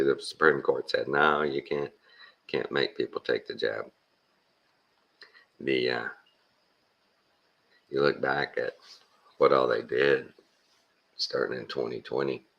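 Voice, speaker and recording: Gravelly deep-voiced Texan man. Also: sharp tone. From Texas. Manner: blunt and plainspoken, with folksy slang. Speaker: vlogger. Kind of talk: casual rambling monologue.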